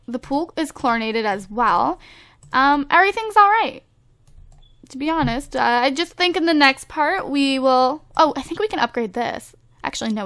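High-voiced woman chatting over gameplay. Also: fairly bright tone. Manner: chatty, lots of filler words, teasing the game characters. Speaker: gameplay video host. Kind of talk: casual let's-play commentary.

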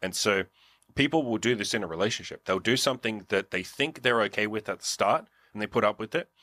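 A man's voice: lowish voice, fairly quick, sharp tone, no room sound. A man giving blunt, profane dating advice in a casual coaching conversation, acting out what others would say. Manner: profane, blunt, acts out quotes.

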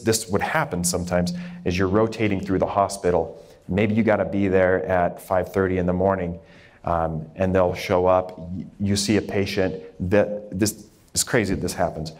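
A man who grew up in Idaho, a dermatologist giving a candid, informal talk to a group of students, with frequent fillers and restarts. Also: low-pitched. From Idaho, USA.

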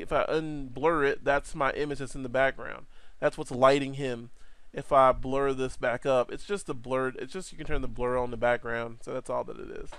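A man giving a casual, rambling software tutorial over his screen, correcting himself and adding jokey asides. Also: fairly high pitch, clear, resonant tone, no echo.

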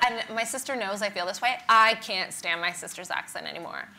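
A Canadian-born woman in her thirties whose accent has softened after years in Britain. Her bright tone carries chatty, self-mocking stories about her life, and a faint room hum sits under the talk. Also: medium pitch, creaky. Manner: chatty, wry, self-deprecating, quick asides. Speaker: stand-up comedian, interview guest. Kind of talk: onstage interview. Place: conference stage before an audience.

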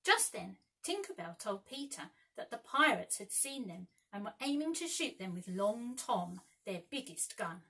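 A woman teacher reading a children's storybook aloud with lively expression. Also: mid-range voice, a little slow, hardly any pauses, breathy edge, low-quality recording.

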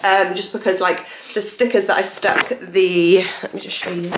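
A woman's voice: on the low side, little pitch movement, normal speed. A young woman vlogging casually at home, a mother who chats away and fills her talk with "like" and "literally". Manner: chatty, says "like" and "literally" constantly. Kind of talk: casual home vlog chat. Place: home interior. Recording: echoey room with faint noise.

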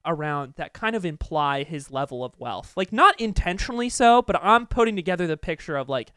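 A young man tells a story in a high, notably clear voice, animated and profane, with plenty of fillers. The sound is dry and close. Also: brisk, no echo. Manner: animated, profane anecdote-telling with many fillers. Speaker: podcast host. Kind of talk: casual storytelling.

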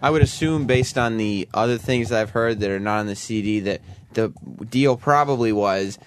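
A man who is a regular on a radio talk show, explaining calmly with small nervous laughs. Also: fairly low pitch, moderate pace, slight background noise. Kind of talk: casual radio banter.

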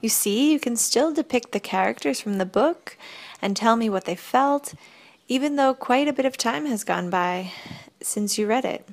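Woman narrator as a patient, wise young forest woman; slightly gravelly, quiet explaining. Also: a little high, expressive, moderate pace. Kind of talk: audiobook reading.

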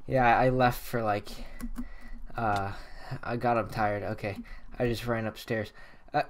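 A man giving casual gameplay commentary at his computer, muttering to himself with sudden excited outbursts. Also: medium pitch, slow pace, pauses often, a little hiss or hum. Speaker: gaming channel host.

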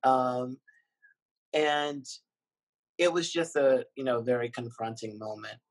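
A man with a husky, slightly breathy voice speaks over a video call. He reflects slowly and emotionally, often pausing with ums and soft laughs. His pitch sits in an ordinary middle range. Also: poor audio. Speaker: documentary filmmaker and university dean. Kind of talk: virtual interview conversation.

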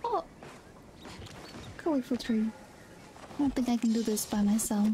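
Woman streamer, slow and soft, mellow tone, faint hiss behind. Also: a little high, expressive. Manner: soft-spoken, giggly, chatty about her dog. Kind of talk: casual chat with viewers while gaming.

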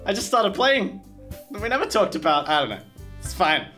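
A young man streaming a game, reacting with animated, sarcastic, slangy comments and frequent laughter. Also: high voice, moderate pace, faint music behind. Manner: laughs often. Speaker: gaming streamer. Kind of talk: let's play commentary.

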